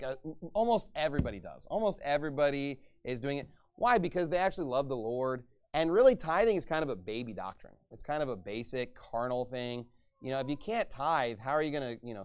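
A pastor delivering a sermon in a conversational style, tagging points with "okay?" and bursting into loud, emphatic peaks. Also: male voice, on the high side, clean tone. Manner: conversational asides with frequent "okay?" and "right?".

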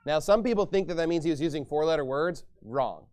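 A male pastor preaching a sermon and reading scripture aloud, emphatic, swinging from hushed asides to loud declarations. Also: fairly high pitch, fairly quick.

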